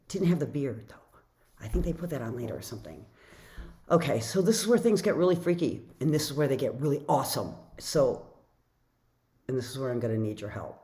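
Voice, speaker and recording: A woman author telling a personal story in a casual vlog, chatty and animated, full of "like" fillers and acting out her own reactions. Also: rumbling low.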